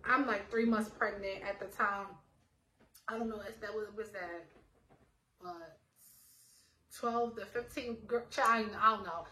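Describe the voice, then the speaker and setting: A young adult woman telling her own story in a casual, animated way, full of fillers and acted-out dialogue. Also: medium pitch, unhurried, pauses often, slight background noise. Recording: roomy echo, faint ambience.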